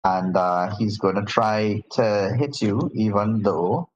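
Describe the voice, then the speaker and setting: Low-voiced man running a tabletop game. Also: slow pace, dull audio. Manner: casual, many fillers and restarts. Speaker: game master.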